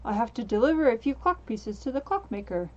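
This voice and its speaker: A woman's voice: on the high side, big pitch swings, fairly quick, darkish tone. Woman doing a polite working smith. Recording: dull lo-fi mic.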